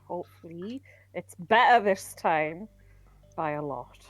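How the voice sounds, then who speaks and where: A woman's voice: fairly low pitch, expressive, unhurried, a little hiss or hum. A woman player in a tabletop game, joking and laughing about her character. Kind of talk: casual tabletop role-play.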